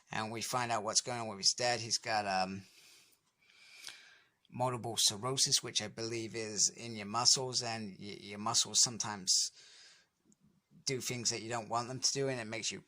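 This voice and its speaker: Bright-voiced man rambling through a comic recap. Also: mid-range voice. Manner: rambling, filler-heavy retelling with "anyway". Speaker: comic book reviewer.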